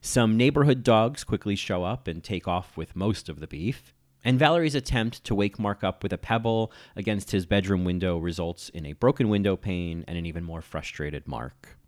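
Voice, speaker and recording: Man, deep voice, lively intonation, scripted video-essay narration, analytical and admiring. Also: moderate pace. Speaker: TV critic and essayist.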